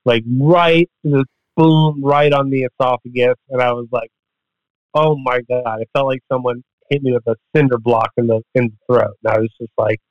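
A man's voice: mid-range voice, fairly even intonation, normal speed, no room sound. A man guesting on a podcast, telling a story casually in a rambling, profane way and acting out the quotes. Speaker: podcast guest, MMA fighter. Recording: dull, dry podcast audio.

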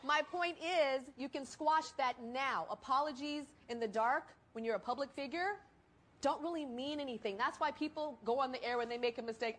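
A woman's voice: high-pitched, moderate pace, fairly bright tone. A woman hosting a television talk show, firmly scolding her guests and pushing them to apologize. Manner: firm, scolding, commanding.

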